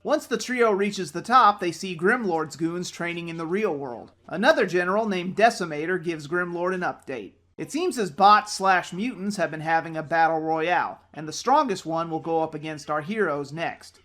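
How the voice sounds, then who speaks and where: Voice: medium pitch, expressive, normal speed, hardly any pauses, a bit bright. A show reviewer giving casual commentary, sarcastic and prone to ranting.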